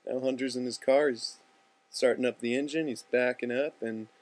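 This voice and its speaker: A young man walks through his unfilmed student film scene by scene, loose and slangy. His voice sits in an ordinary middle range. Now and then he bursts into loud, high-pitched character voices. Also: steady tone, normal speed. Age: young adult. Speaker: student filmmaker narrating a storyboard. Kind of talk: casual storytelling with acted-out dialogue.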